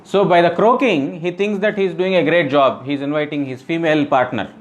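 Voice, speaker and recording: A man's voice: on the high side, fairly even intonation, fairly quick, a little hiss or hum, poor audio. Man explaining scripture, quizzing listeners. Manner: repeats and rephrases for emphasis. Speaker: spiritual teacher. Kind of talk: scripture class.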